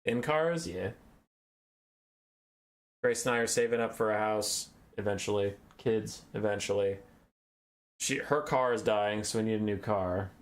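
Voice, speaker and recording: A man's voice: fairly low pitch, unhurried, pauses often. A young man hosting a game tournament stream, chatting casually in a rambling, self-deprecating way. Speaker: tournament host and caster. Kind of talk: casual live-stream chat.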